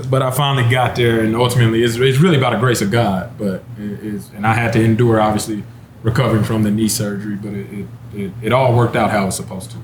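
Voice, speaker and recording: At a wine bar, a Texan in his thirties, once an NFL running back and now a panelist, tells a long, easygoing personal story and laughs frequently. He talks quickly in a lowish voice with fairly even intonation, and the sound is roomy with a faint venue hum behind him.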